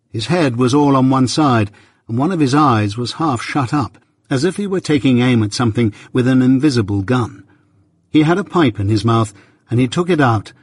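Brief: male narrator, husky tone, dry close sound, measured literary reading. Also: mid-range voice, no echo. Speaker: audiobook narrator. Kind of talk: scripted narration.

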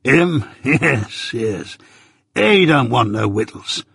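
Gravelly convict, gruff and wary, man putting him on, dry sound. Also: mid-range voice, sing-song, slow, fairly bright tone, no room sound, heavily acted. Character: rough old male convict, gruff, wary, hungry.

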